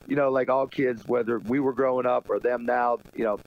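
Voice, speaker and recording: A man's voice: medium pitch, fairly even intonation, fairly quick. A middle-aged man guesting on a radio show, telling rambling stories with lots of laughs and "you know". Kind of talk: casual radio interview chat. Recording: dull lo-fi sound.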